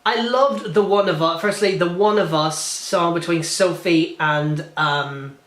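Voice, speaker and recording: Man in a film review vlog: gushing, rambling, a bit high-pitched, roomy echoey recording. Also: measured pace, a bit bright. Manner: gushing, rambling with many restarts and fillers.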